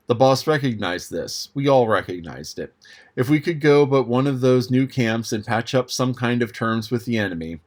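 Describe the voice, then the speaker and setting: A man narrating a classic novel aloud as an audiobook reader, in a measured, even manner. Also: mid-range voice. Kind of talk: scripted narration.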